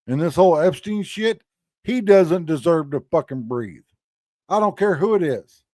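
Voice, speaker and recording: A man's voice: a little high, a little mellow, no echo, studio quality. A man ranting on a live stream in a crude, blunt and angry way. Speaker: streamer commenting on clips. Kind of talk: profane live-stream rant.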